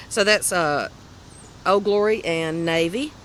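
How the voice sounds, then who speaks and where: A woman with a Southern US accent hosting a crochet video podcast, chatting casually and rambling as she shows her finished projects, quick to laugh at herself. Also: lowish voice, a little hiss or hum. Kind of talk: casual show-and-tell chat.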